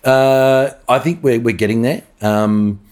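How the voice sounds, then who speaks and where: A middle-aged Australian chef, a podcast guest telling long anecdotes in casual interview talk, with many restarts and fillers. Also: male voice, mid-range voice, fairly even intonation, slow pace, darkish tone, clean tone.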